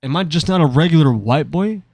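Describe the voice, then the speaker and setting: A man's voice: fairly high pitch, expressive, brisk, a little mellow, dry recording. A young man casually telling a rambling, self-mocking story over gameplay, often stumbling and repeating his words. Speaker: gaming commentator.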